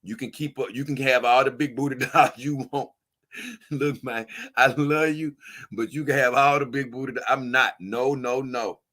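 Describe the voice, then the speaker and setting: A man's voice: medium pitch, steady tone, normal speed, sharp tone. A man vlogging casually, answering viewer comments in an emphatic, repetitive, slangy way and often tripping over his words. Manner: trips over his words, frequent restarts. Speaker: doll-collecting vlogger.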